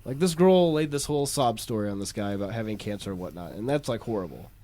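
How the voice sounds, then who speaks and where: A man's voice: fairly low pitch, expressive, fast, dark tone. A man with a Midwestern American accent, a podcast guest who talks casually with hesitant fillers, swearing and frequent laughs. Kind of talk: casual chat.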